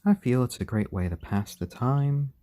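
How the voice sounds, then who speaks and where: A man hosting a casual live stream at home, gently chatting to viewers and talking softly and fondly to his baby chickens. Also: mid-range voice, lively intonation, moderate pace.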